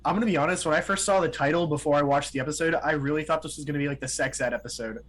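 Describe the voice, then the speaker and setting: A man's voice: a little high, racing, fairly bright tone, low-quality recording. A man co-hosting a casual podcast, earnest and explanatory as he tells a story at length. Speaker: podcast co-host. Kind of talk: casual chat.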